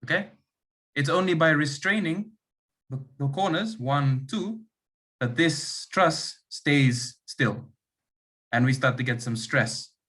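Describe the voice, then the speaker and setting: A man demonstrating an engineering lab to students over a video call. He explains step by step. He pauses often to ask whether everyone is following. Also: on the high side, fairly bright tone. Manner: checks understanding with frequent "okay" and "right". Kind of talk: online engineering lab class.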